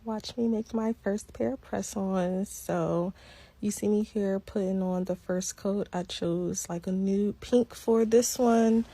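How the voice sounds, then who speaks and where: A woman casually narrating her nail-making process in a relaxed, unhurried way. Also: medium pitch, gravelly, dry recording. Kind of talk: casual nail tutorial voice-over.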